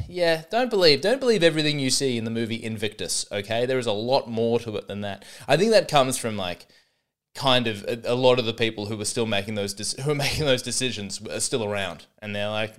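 A man's voice: medium pitch, expressive, a little fast, a bit bright. An Australian man hosting a comedy podcast, talking in a rambling, sarcastic, self-mocking monologue.

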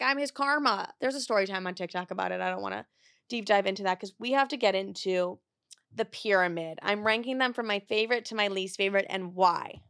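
A woman's voice: mid-range voice, a bit bright, no room sound, clean studio sound. A woman in her twenties hosting a casual podcast, telling dating stories bluntly with lots of swearing and acted-out quotes. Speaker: podcast host. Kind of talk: casual confessional chat.

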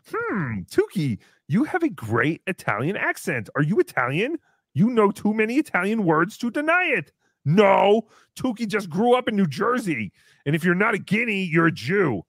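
A man's voice: high-pitched, wildly swooping pitch, normal speed, a bit bright, slightly rough, no room sound, clean studio sound, exaggerated voice. A man voicing a brash, boastful comic character who talks about himself in the third person while hosting a livestream. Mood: mocking. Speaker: show host character. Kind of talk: livestream comedy banter.

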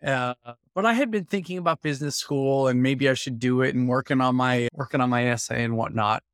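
A man's voice: medium pitch, brisk, no room sound, studio quality. A man in his fifties, a guest telling stories from his career in a casual interview and acting out what people said to him. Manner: lively storyteller who acts out quoted dialogue. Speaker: guest, executive consultancy founder.

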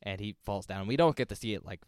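Smooth-voiced man recapping a movie plot. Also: lowish voice, fast, dry recording, studio quality. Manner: walks through the plot step by step, quizzing his co-host. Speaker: podcast co-host. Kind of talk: casual movie recap chat.

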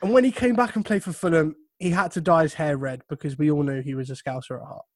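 A man's voice: a little high, steady tone, fast, a little mellow, dry recording, clean studio sound. A man co-hosting a football podcast, telling anecdotes with wry humor in a casual chat. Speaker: podcast co-host.

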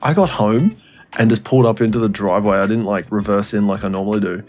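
A man's voice: on the low side, fast, darkish tone, soft background music. Rambling young man, casual chat. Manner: rambling, laughs often, swears freely. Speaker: podcast co-host.

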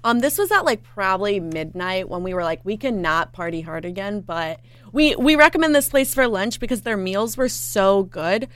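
A woman's voice: medium pitch, expressive, normal speed, a bit bright, no echo. A young woman co-hosting a casual vlog, easygoing and chiming in with her friend. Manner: easygoing, laughs along, chiming in. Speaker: co-host vlogger. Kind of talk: casual chat.

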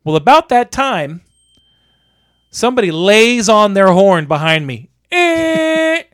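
A man with a high voice tells a story in a loose podcast chat, cursing freely and acting out each person he quotes. His voice sits close and dry on the mic, with no room sound around it. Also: measured pace, no echo. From Florida. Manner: animated, profane, acts out quoted voices. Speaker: podcast co-host.

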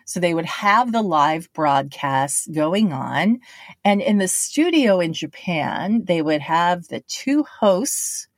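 A woman's voice: on the low side, animated, takes it slowly, dry recording, studio quality. A woman telling a casual anecdote in a chatty way, often adding "right?" and "you know". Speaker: storyteller.

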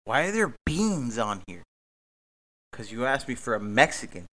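A man voicing his exasperated, picky girlfriend in a high, whiny voice while retelling an argument. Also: big pitch swings, normal speed, a bit bright. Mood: indignant. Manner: high, whiny falsetto-leaning voice. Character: exasperated young woman partner, picky, indignant.

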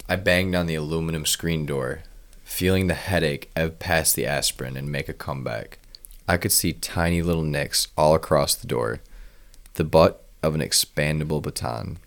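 A man tells a first-person crime story in a measured, grim manner. His voice is extremely low, sitting at the very bottom of the male range. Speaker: narrator.

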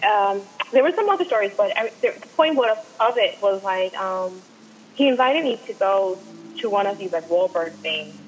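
A woman guest telling an excited fan story, acting out what people said, in casual chat. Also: mid-range voice, normal speed, lo-fi sound.

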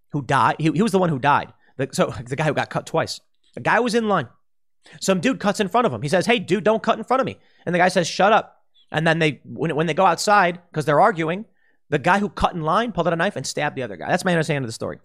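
Man ranting in lively commentary. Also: a little high. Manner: heated, ranting, mocking impressions. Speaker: political commentary host. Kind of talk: opinionated solo commentary.

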